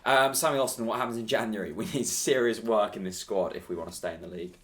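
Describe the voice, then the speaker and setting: Sex: man. Role: podcast co-host. Style: casual chat. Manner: teasing, poses hypotheticals. Pitch: lowish. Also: quick pace, a bit bright. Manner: teasing, reads listener questions, poses what-ifs.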